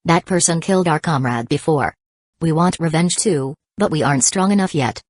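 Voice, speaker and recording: A woman gives voice to a composed, purposeful woman in a storybook. She speaks in a level, businesslike way. The low voice is close-miked and dry. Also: lively intonation, moderate pace, husky, dry recording.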